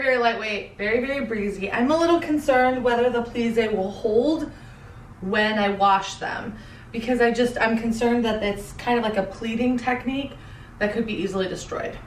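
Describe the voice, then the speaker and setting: A woman in her thirties giving a chatty, playful fashion haul commentary with quick asides. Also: a little high, echoey room, recorded from a distance, slight background noise. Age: 30s. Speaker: fashion vlogger.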